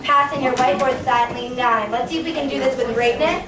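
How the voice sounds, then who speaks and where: Young lady teacher running a class, high voice, brisk countdowns and praise, filmed from far off in an echoey classroom. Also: noisy background. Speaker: elementary school teacher. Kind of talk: classroom management. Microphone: camera across the room. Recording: distant echoey classroom camera audio. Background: children moving about.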